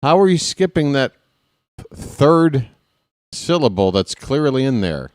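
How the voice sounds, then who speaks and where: Calling the game as a fan, this man takes his time between pitches and drops wry, dry asides. He speaks slowly in a smooth, clear voice captured close with no room sound, breaking into excited shouts whenever there's a big hit.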